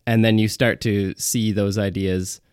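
A man's voice: lowish voice, flat delivery, a little slow, darkish tone, clear, resonant tone, no echo, clean studio sound. A man co-hosting a podcast, talking in a casual, rambling way with many fillers and restarts. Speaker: podcast co-host. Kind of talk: casual chat. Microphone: close podcast mic.

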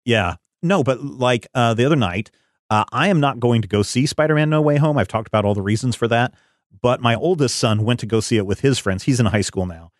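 A man's voice: mid-range voice, lively intonation, fairly quick, dry recording, clean studio sound. A middle-aged man hosting a podcast, telling a rambling story in casual chat with many fillers. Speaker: podcast host.

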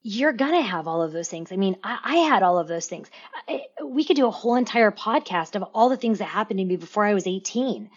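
Animated businesswoman on a dull, lo-fi line. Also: mid-range voice, brisk. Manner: animated, repeats words and restarts. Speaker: podcast guest, business owner. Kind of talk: casual interview talk.

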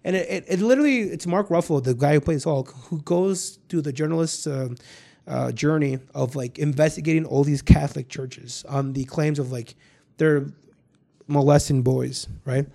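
Gravelly-voiced rambling podcast host, a man. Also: fairly high pitch, normal speed, mellow. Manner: rambling, profane, storytelling with many restarts. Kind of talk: casual chat.

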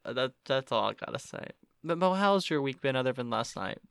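A woman's voice: rumbling low, expressive, a little fast, gravelly, a little hiss or hum. A woman in her twenties from Oklahoma, co-hosting a podcast in rambling, self-mocking casual chat. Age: 20s. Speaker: podcast co-host.

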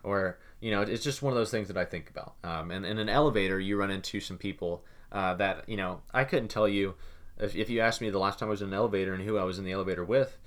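A young man co-hosting a casual talk show, rambling and repeating words as he thinks out loud. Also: on the low side, quick pace. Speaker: podcast co-host. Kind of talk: casual chat.

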